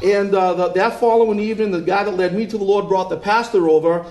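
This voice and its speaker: A man's voice: high-pitched, steady tone, fast, a little mellow. A middle-aged man with a Boston accent, telling his story as a guest in an earnest, emphatic way. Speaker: ministry founder, guest. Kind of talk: interview testimony.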